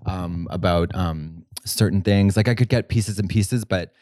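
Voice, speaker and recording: A man's voice: sits low, measured pace, mellow, no echo, clean studio sound. A man co-hosting a podcast in casual chat, rambling and swearing, with many restarts and fillers. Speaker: podcast co-host.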